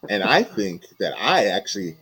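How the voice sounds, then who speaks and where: A man's voice: on the low side, big pitch swings, normal speed, sharp tone, slight background noise, poor audio. A man co-hosting a casual sports podcast, teasing and blunt in his trash talk. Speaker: podcast co-host.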